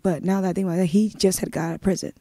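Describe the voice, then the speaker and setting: A woman's voice: lowish voice, steady tone, very fast, warm tone, no room sound. A woman, a guest in a live-streamed interview, telling her own story in a subdued, earnest way.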